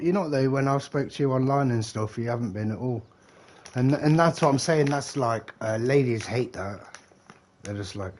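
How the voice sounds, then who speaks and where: A man's voice: medium pitch, normal speed, a little mellow, slight background noise. Rambling man in his forties. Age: 40s. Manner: rambling, laughs often, swears. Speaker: game streamer. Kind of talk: casual chat.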